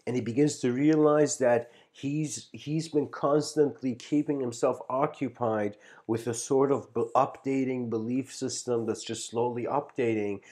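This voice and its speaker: A man's voice: mid-range voice, steady tone, unhurried, few pauses, a little mellow. A man giving a livestreamed spiritual lecture, telling a story in a rambling way with many restarts and "you know"s.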